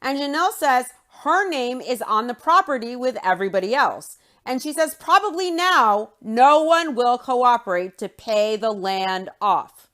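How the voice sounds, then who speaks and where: A woman with a somewhat high voice runs through a reality TV episode in her own commentary. She is blunt and indignant, throwing in sarcastic jabs as she goes. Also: lively intonation, a little slow, fairly bright tone. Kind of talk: opinionated recap commentary.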